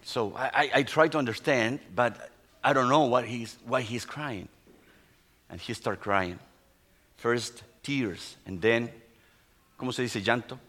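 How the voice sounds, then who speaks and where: Middle-aged male pastor, Spanish native, halting English sermon testimony, mid-pitched voice. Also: fairly bright tone. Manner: non-native English, halting storytelling with restarts.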